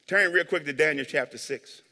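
A male pastor preaching a sermon with animated call-and-response to the congregation. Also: on the high side, fairly quick, vocal fry, big-room sound. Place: church sanctuary.

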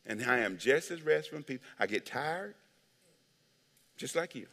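A male pastor preaching a sermon with animated call-and-response to the congregation. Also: mid-range voice, a little slow, vocal fry, in a large hall. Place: church sanctuary.

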